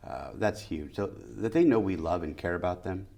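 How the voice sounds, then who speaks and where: Middle-aged man, deep voice, emphatic guest answering interview questions, repeats his points in rhythmic lists. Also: moderate pace, vocal fry, a little mellow. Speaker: school district superintendent.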